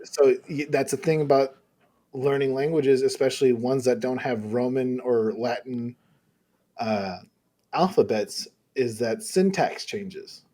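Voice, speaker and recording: A man's voice: mid-range voice, a little slow, mellow. A young man on a podcast who explains things eagerly with rambling asides. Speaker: podcast co-host. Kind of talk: casual chat.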